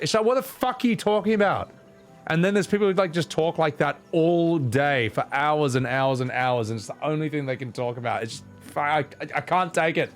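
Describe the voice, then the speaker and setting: A man's voice: fairly high pitch, brisk, faint music behind. A young man live-streaming a game, chatting casually with viewers in rambling, swearing rants.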